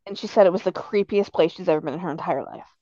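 A woman's voice: lowish voice, fast, dark tone, dry recording, highs cut off. A young woman co-hosting a podcast, chatting casually and telling dry, joking stories. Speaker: podcast co-host. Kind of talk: casual chat.

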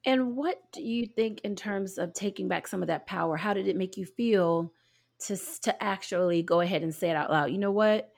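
Gravelly-voiced woman asking gentle questions. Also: mid-range voice, normal speed. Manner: gentle, probing, rephrases her questions. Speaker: interviewer. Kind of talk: interview questions.

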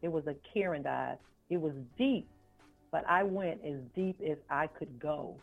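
A woman, an author and life coach, telling a personal story in a podcast interview, slow and earnest, repeating phrases for weight. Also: sits low, gravelly. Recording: phone-like line with faint music.

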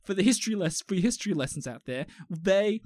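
A man's voice: high-pitched, expressive, fast, darkish tone, no echo, studio quality. A young man with an Australian accent, chatting casually as a podcast co-host, rambling and swearing with jokes. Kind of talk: casual chat.

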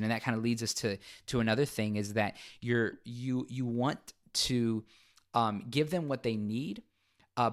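A man in a casual chat about parenting, explaining in a measured way with fillers and restarts. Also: mid-range voice.

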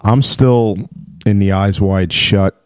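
Low-voiced man in movie chat. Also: slow, smooth, dry recording, studio quality. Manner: lively, breaks into movie quotes and impressions. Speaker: podcast co-host. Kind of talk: casual chat about movies.

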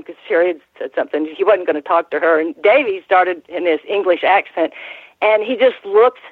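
An older woman, a guest in an interview, telling stories in a rambling, halting way with frequent restarts and laughs. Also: fairly low pitch, breathy edge, no room sound. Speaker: guest, former ring announcer. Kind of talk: casual interview storytelling. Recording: tinny phone line.

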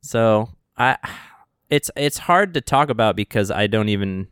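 A man co-hosting a casual podcast chat, talking in an animated, rambling way with frequent restarts. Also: fairly low pitch, a little slow, clean tone, dry recording, clean studio sound. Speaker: podcast co-host.

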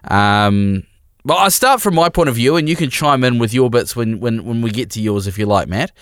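A man's voice: medium pitch, expressive, normal speed, no room sound, clean studio sound. A young man with a New Zealand accent co-hosting a casual podcast, telling a rambling, self-deprecating travel story. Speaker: podcast co-host. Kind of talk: casual chat.

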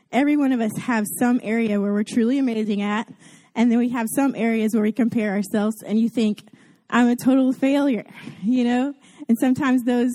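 A woman's voice: a little high, warm tone. Chatty Southern woman preaching a sermon. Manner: chatty and self-deprecating, acts out gushing voices. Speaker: guest preacher at a church service. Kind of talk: casual Mother's Day sermon.

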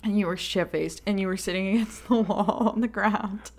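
A woman's voice: medium pitch, steady tone. A young woman hosting a casual chat, teasing and chatty, filling her talk with "like" as she asks her friend questions. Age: young adult. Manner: chatty, teasing, quick to laugh, lots of "like". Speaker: host.

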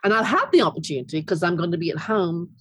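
A middle-aged woman author being interviewed, chatting casually and answering with warm, encouraging remarks. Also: on the low side, animated, quick pace, husky, no room sound. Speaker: author guest.

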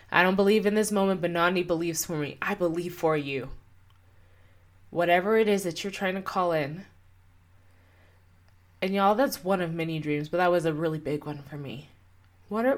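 A young woman hosts her own motivational podcast alone. She talks in an earnest, encouraging way and keeps asking her listener gentle, repeated questions. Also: lowish voice. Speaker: podcast host and coach. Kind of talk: solo motivational podcast talk.

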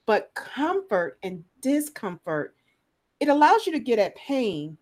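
A woman's voice: on the high side, sing-song, measured pace, a little mellow. A woman nurse specialist speaks as a podcast guest in an easy conversational tone. She tells stories from her work with energy, acting out the people in them. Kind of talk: conversational storytelling in a podcast interview.

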